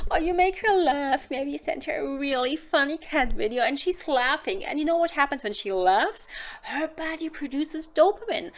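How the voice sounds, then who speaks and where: Her high voice has lively intonation and a normal pace. This German-accented woman from Germany, a hypnotist and sex advisor, talks frankly and casually to camera, playing out small scenes in silly voices.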